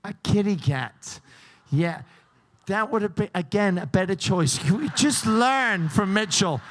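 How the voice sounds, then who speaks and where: A man's voice: high-pitched, animated, a little slow, a bit bright. A man hosting a game show, joking and teasing the contestants and laughing often. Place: cruise ship show lounge.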